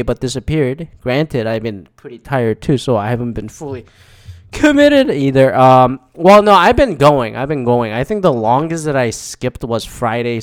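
A man's voice: medium pitch, clear, resonant tone. A young man hosting his own podcast in casual solo chat, rambling and swearing, with lots of fillers and restarts. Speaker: podcast host.

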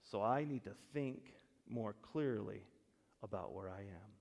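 A man preaching a sermon as pastor, switching between loud emphatic stretches and quiet, slow reflective passages, with humorous asides. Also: fairly low pitch, vocal fry. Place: church sanctuary. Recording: long church reverb.

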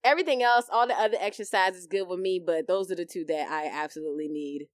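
A woman's voice: fairly low pitch, quick pace, dry recording, studio quality. A mother in her thirties co-hosting a podcast, chatting casually, swearing freely and laughing through her stories. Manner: profane, laughing storyteller. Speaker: podcast co-host. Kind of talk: casual chat.

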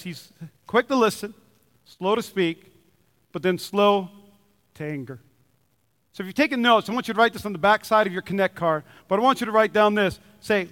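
A man with a very high-pitched voice preaches a sermon as pastor, animated and lively. He slips into other people's voices when he quotes them. His voice rings with the long reverb of a big church hall. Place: church auditorium.

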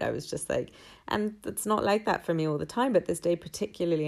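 A woman's voice: on the low side, fast talker, vocal fry, a little mellow. A woman telling a personal story in a candid, rambling, reflective way.

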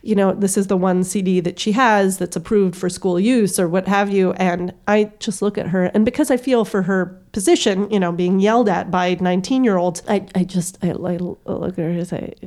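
Woman, thirties, podcast guest, storytelling, lively, acts out voices. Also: medium pitch, normal speed, hardly any pauses. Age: 30s.

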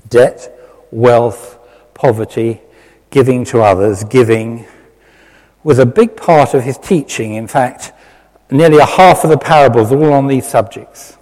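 A British lay preacher giving a conversational, self-deprecating sermon, with many fillers. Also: male voice, mid-range voice, a little mellow. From Britain. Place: church hall with long reverb. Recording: reverberant church hall.

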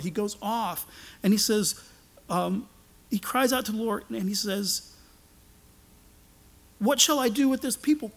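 A man preaching a sermon, animated and sarcastic, acting out the lines he quotes. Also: high-pitched. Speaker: pastor.

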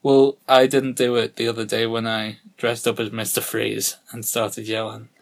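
A man's voice: on the low side, level tone, moderate pace, gravelly, slight background noise. Guy co-hosting a chatty podcast, jokey and teasing, lots of puns. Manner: teasing, joking banter with puns. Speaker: podcast co-host. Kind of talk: casual podcast chat.

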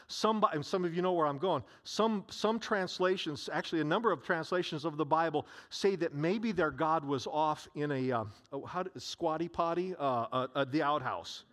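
A male pastor preaching a sermon, telling a story in an animated way with frequent restarts. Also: fairly high pitch.

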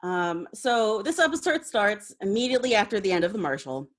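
A woman hosting a chatty recap podcast, her pitch swinging widely as she laughs through the retelling. Her voice has a slightly husky edge. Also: brisk. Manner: laughing, animated retelling of episodes. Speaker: podcast host. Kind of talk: casual recap chat.

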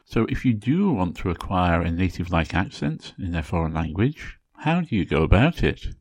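A man from England speaking with a Received Pronunciation accent, giving a measured, clearly enunciated educational talk as a podcast host. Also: low voice, very animated, a little mellow, dry recording. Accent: English Received Pronunciation.

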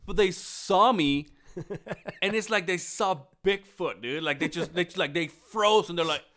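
A young man in casual podcast chat, telling a crude story with lots of swearing, laughing as he talks and shouting out the lines he quotes. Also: high voice, moderate pace. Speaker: podcast co-host.

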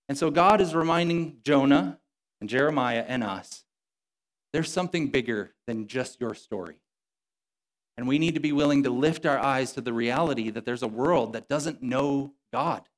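A man's voice: mid-range voice, normal speed. Man preaching in a casual, conversational way. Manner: conversational preaching, acts out quoted lines in a casual tone. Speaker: pastor. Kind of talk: sermon.

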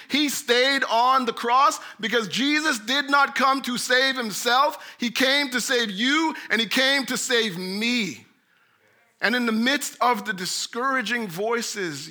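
Male preacher, sermon, high voice, very bright tone, earnest, emphatic swells and quiet drops. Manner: earnest, rises to emphatic bursts, drops to soft low asides.

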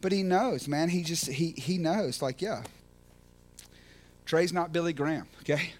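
A man preaching passionately on a podcast, swinging from hushed prayer to shouted excitement, full of restarts and "man" and "you know.". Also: fairly high pitch, measured pace. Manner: repeats words and restarts, casual fillers like man and you know. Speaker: podcast speaker at a recovery ministry. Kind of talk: impassioned preaching.

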